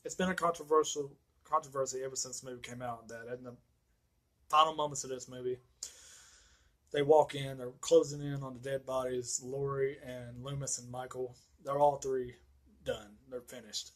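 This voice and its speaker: A man's voice: medium pitch, fairly bright tone, low-quality recording. Guy ranting about a movie, rambly, swears a ton, lots of uh and you know. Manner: rambling, heavy swearing, many fillers. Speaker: movie reviewer. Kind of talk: casual ranting film recap.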